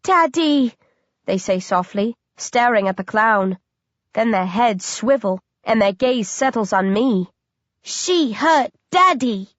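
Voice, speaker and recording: A woman's voice: mid-range voice, fairly even intonation, a little slow, no echo, muffled recording. A woman reading a first-person horror audiobook in a dramatic, intense manner. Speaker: audiobook narrator.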